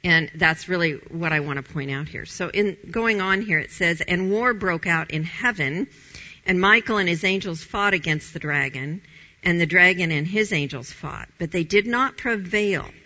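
A woman's voice: on the low side, normal speed, sharp tone, dull audio. A woman giving a conversational Bible teaching in an informal, emphatic way, repeating her key phrases.

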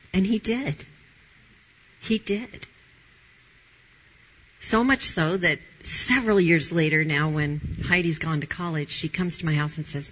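Speaking in an unhurried, low-pitched voice that's fairly bright yet slightly rough, a middle-aged woman tells her Christian testimony frankly as a talk show guest. She's animated and laughs frequently, and the recording's highs are cut off.

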